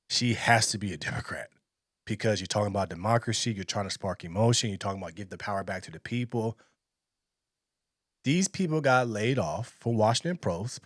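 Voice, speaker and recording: A man's voice: on the low side, dry recording, studio quality. A man giving blunt, emphatic commentary in reaction to a video clip. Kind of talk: casual opinion commentary.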